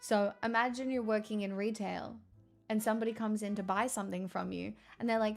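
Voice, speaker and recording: A woman streaming and chatting with her viewers in a loose, rambling way, with frequent laughs and the odd curse. Her voice has a gravelly, fry-heavy edge and sits in a mid register. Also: medium pitch, steady tone, fairly quick, soft background music. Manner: candid and rambling, swears, laughs often. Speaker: live streamer reading chat. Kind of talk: casual chat.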